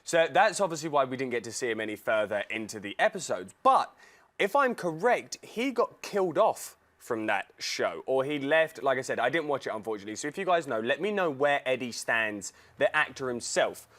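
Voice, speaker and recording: Excitable male co-host. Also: medium pitch, brisk. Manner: excitable, rambling, laughs often. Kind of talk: casual fan-show chat.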